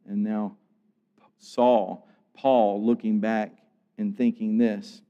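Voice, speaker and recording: A man preaching a sermon, acting out scenes and swinging from loud outbursts to hushed tones. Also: on the low side, steady tone, slow, clear, resonant tone, long reverb tail, highs cut off. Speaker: pastor.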